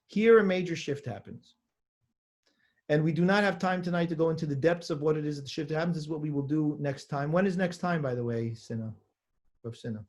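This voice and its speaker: A middle-aged man teaching as a rabbi, reading names off quickly and then slowing down to stress his points and quiz his class. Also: fairly high pitch, darkish tone. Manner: reads names rapidly, then slows down to stress points and asks the class questions. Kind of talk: lesson reading and explaining a text.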